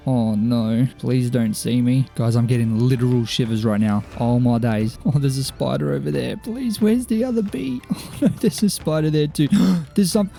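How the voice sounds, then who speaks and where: Excitable young gamer, mellow voice. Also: male voice, medium pitch, moderate pace, gravelly. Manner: animated, talks to the viewers, gasps and pleads with mobs. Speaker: gaming YouTuber. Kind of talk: excited Minecraft let's-play commentary. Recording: gaming commentary over faint background music.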